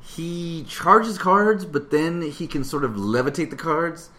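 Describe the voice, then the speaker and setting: A man's voice: on the high side, slow pace, bright, forceful tone. A man co-hosting a casual movie chat, rambling, swearing freely and laughing often. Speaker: podcast co-host.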